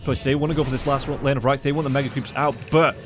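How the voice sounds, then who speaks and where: A man giving rapid play-by-play commentary on an esports match as caster. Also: mid-range voice, a little hiss or hum. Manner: rapid, excited play-by-play calls.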